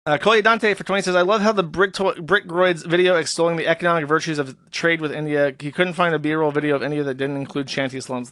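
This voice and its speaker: A man streaming, reading viewer donation messages aloud and adding crude, offhand comments in a casual, flat way. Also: a little high, no echo, studio quality.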